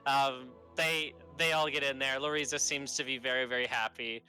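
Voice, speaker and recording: A man's voice: mid-range voice, steady tone, moderate pace, sharp tone, faint music behind. A young man narrating a tabletop game as game master in a casual way, laughing often.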